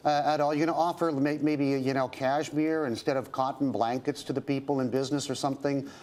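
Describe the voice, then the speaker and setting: A male business news anchor poses long, looping questions, stumbling over restarts and slipping in wry jokes. His voice sits at an average pitch for a man, in a studio setting. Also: little pitch movement, fairly quick, darkish tone. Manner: rambling, joking questions with restarts. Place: television studio.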